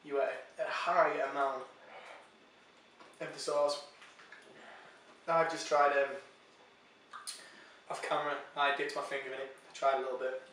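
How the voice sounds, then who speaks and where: A man hosting a food challenge interviews the contestant in a halting, sincere way, full of ums. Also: fairly high pitch, flat delivery, fairly bright tone. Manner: halting, filler-heavy, sincere. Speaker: host. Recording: echoey room, distant mic, faint noise.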